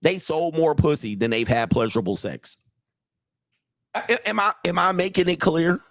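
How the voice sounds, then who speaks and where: A man with a fairly high-pitched, very animated voice, a bit bright and at a moderate pace, livestreams dating advice. He's blunt, swears, repeats himself, and challenges listeners to disagree while seeking their agreement. The sound is clean studio audio with no echo.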